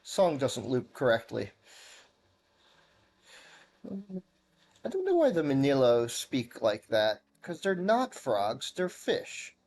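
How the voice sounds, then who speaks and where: A man's voice: mid-range voice, wildly swooping pitch, slow, long pauses, darkish tone. A male streamer giving chatty, wry commentary while playing a video game. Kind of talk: let's-play commentary.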